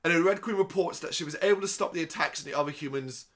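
A man co-hosting a casual movie review chat, animated and sarcastic, swearing often. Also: a little high, fast. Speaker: podcast co-host.

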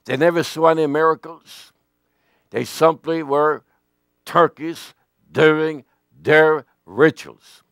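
Male preacher, emphatic sermon, gravelly voice, dry close sound. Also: a little high, takes it slowly, pauses often, dry recording. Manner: emphatic, swings between loud and hushed.

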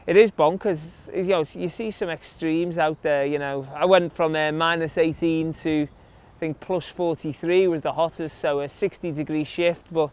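Here a long-distance runner, a young Englishman, is being interviewed and rambles chattily through tales of his run, full of fillers. His voice is on the high side and clean, steady in tone, at a normal pace, with an English accent.

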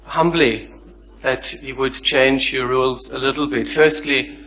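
A man's voice: medium pitch, steady tone, unhurried, pushed and bright, rough recording. A man in the audience putting a long question, polite but persistent, reading scripture aloud. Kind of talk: formal question from the floor.

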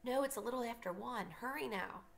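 A woman reading the lines of a calm, gentle but firm father who gives steady instructions, in a storybook reading. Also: a little high, a little fast, creaky, pitched above the performer's own voice.

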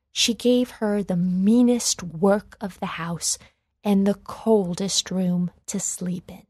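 Woman reading a kids storybook super slow, dry close sound, nice and clear. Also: mid-range voice, darkish tone, no echo. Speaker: storybook reader. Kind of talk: children's read-along storybook narration.

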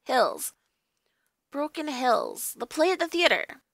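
A woman reading aloud, voicing an eager, excitable young schoolgirl. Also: high voice, slow, vocal fry, no room sound, pitched above the performer's own voice, full character voice. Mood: excited.

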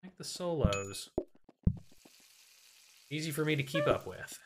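A man's voice: fairly high pitch, animated, measured pace, heavy background noise. A man streaming a cooking game solo, giving playful running commentary to his chat and talking himself through the chaos. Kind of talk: live gameplay commentary to chat.

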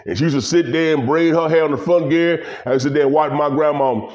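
A man's voice: fairly high pitch, quick pace, dull audio. An older man from Louisiana, rambling in casual, folksy commentary to his viewers and breaking into laughter. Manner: folksy, laughing, animated storytelling. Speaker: vlogger.

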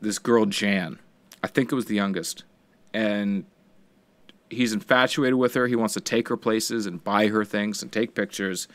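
A man's voice: on the low side, steady tone, a little slow, fairly bright tone, dry recording. A man co-hosting a podcast, casually retelling a story with plenty of swearing and quoted voices. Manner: rambling storyteller, swears freely, acts out quotes. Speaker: podcast co-host. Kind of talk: casual chat.

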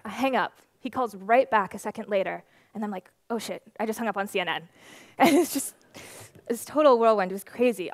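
A young woman in her twenties speaks from a conference stage into a stage microphone. She tells her story in a lively, animated way. The sound is dry and close, with almost no room echo. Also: medium pitch. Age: 20s.

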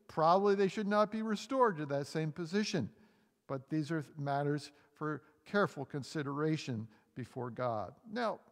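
A male pastor with a New England accent delivers a sermon in a slightly high voice, ringing out through a church sanctuary with a long reverb tail. He preaches with energy, swinging between emphatic lines and softer scripture reading, and acts out the quotes.

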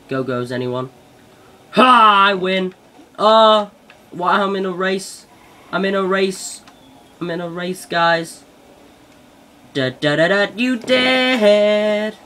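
Excitable young gamer, bright voice. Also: male voice, on the high side, a little hiss or hum. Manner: excitable, yelps and shouts at the game. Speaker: gaming channel host. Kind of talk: let's-play commentary.

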